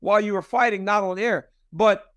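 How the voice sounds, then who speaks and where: A man in his forties talks through an interview with a high voice, friendly and emphatic. The sound is dry and close, with no room around it. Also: steady tone, fairly quick, fairly bright tone, clear, resonant tone, dry recording. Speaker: interviewer and fight analyst. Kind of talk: casual interview.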